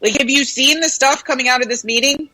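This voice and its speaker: Bright, high-pitched ranting woman host. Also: a little fast, low-quality recording. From United States. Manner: opinionated, ranting, swears freely. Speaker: radio co-host. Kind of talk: casual radio chat.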